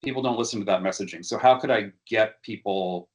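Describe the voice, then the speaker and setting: A man's voice: lowish voice, a little fast. A man giving a workshop presentation, talking hesitantly with frequent fillers and restarts. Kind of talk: educational workshop talk.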